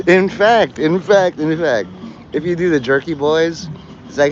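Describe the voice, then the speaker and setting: A man livestreaming outdoors on a rainy city street, rambling and joking, acting out quick voices and laughing often. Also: a little high, muffled recording, slight background noise.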